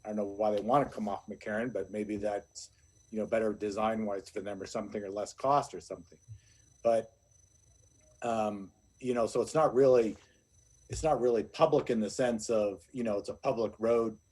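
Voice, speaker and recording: A man's voice: on the low side, steady tone, moderate pace, darkish tone. A man on a city planning commission arguing a point in a meeting, rambling with many fillers. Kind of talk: meeting discussion.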